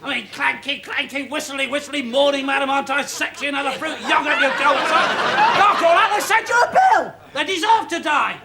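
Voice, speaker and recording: An actor playing a crude, sneering male lowlife sidekick in a sitcom. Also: moderate pace. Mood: mocking. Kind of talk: sitcom acting. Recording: loud studio audience laughter, heavy hiss.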